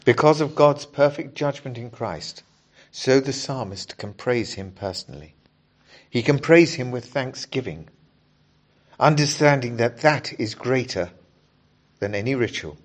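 A male preacher delivering a sermon. He explains scripture in a measured, earnest way, pausing to read whole passages aloud to his congregation. His voice sits at an ordinary middle pitch for a man. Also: animated. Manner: measured, earnest Bible exposition with scripture readings.

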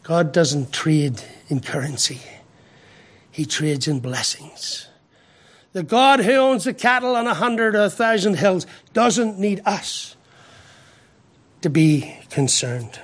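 A middle-aged pastor delivers a sermon in a notably high voice. He is emphatic, leans hard on key phrases, and often stumbles into quick restarts. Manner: emphatic, with frequent stammered restarts.

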